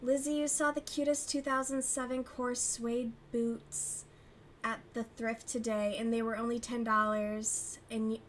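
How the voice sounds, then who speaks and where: A woman's voice: on the high side, level tone, measured pace, slight background noise. Chatty, cussing young woman streamer. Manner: profane, gossipy, laughs often. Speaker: crochet livestream host. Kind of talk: casual chat with chat readers.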